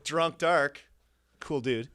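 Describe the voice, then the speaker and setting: A young man as a podcast guest, telling a story in a profane, animated way and laughing often. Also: on the high side, slow, clear, resonant tone. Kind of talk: casual storytelling.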